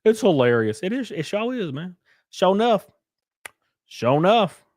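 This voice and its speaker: A man's voice: high-pitched, sing-song, a little slow, a little mellow, no echo, studio quality. A man streaming live, reading chat messages and riffing sarcastically with plenty of swearing and mocking voices.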